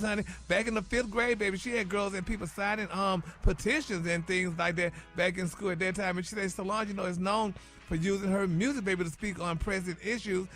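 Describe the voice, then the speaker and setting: A man's voice: high voice, fairly bright tone. A man delivering celebrity gossip on morning radio in a sassy, chatty way, tossing in "honey" and "y'all" all the time.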